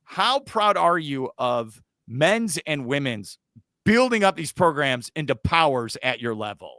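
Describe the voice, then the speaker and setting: Lively, bright-voiced man hosting a sports podcast. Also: fairly high pitch, dry recording, clean studio sound. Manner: animated, joking, quick asides. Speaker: podcast host. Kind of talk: casual sports podcast chat.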